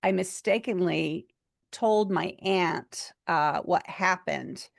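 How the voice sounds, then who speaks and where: A woman's voice: on the low side, takes it slowly, vocal fry, no echo, studio quality. A woman giving a seminar talk, earnestly telling a personal story in a chatty way with many fillers. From United States. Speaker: seminar speaker.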